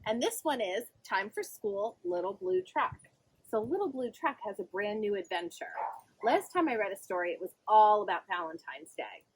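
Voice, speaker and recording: A woman reading a picture book aloud for children, singsong and animated, often asking her young listeners questions. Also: mid-range voice, breathy edge. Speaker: children's librarian. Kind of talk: storytime read-aloud.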